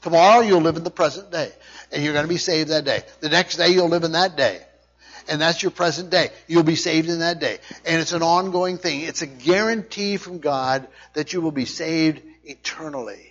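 A man's voice: fairly high pitch, normal speed, fairly bright tone. A man preaching a sermon, repeating his points emphatically and checking in with his listeners. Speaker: pastor. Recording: dull lo-fi sound.

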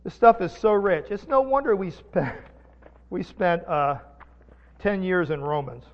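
High-voiced man preaching in a reverberant church. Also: a little slow. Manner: conversational, animated, jokes and asides. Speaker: pastor. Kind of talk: sermon. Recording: dull lo-fi sound with long reverb.

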